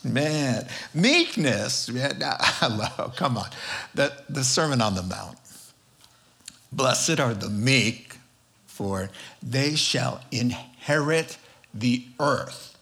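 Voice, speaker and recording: Slow-talking male preacher with jokes. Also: gravelly. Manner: animated, jokey, acts out quotes with pitch swings. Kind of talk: sermon.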